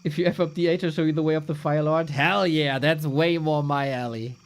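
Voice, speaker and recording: Calling a strategy game match live, this esports caster speaks briskly in a mid-range voice. He's excitable and full of jokes, musing aloud between the plays.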